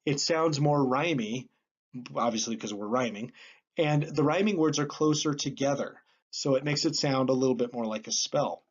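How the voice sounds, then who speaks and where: A man teaching a class in a plain, explanatory way, often pausing on um and uh. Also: medium pitch, slightly rough. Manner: plain explanatory, with frequent um and uh fillers. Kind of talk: classroom lecture. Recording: slightly dull lo-fi recording.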